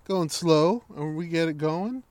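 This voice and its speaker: A man with a somewhat high voice tells a story in casual conversation. He swears constantly and acts out the voices of the people in it. The sound is dry and close. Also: a little slow, no room sound. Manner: profane, animated storytelling with acted-out quotes. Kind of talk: casual chat.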